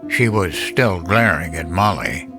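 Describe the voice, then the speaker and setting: A man narrates a horror story at a slow, unhurried pace, his mid-pitched voice steady and deliberate. A clear music bed plays beneath him.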